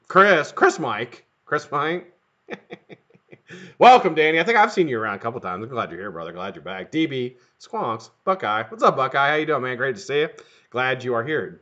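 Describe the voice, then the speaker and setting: A man's voice: mid-range voice, pushed and bright. A middle-aged man hosting a live stream, greeting viewers one by one in a rambling, jokey, profane way. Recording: dull lo-fi stream audio.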